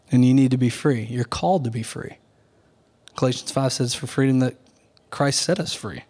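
A man, a pastor, preaching an earnest Sunday morning sermon at a measured, deliberate pace, pausing on key words. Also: medium pitch, a little mellow.

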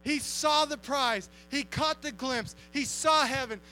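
A man preaching an energetic youth sermon, acting out quotes and shouting at times. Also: extremely high pitch, a little slow, soft background music, low-quality recording. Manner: animated, acts out quotes, shouts and laughs. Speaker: youth pastor.

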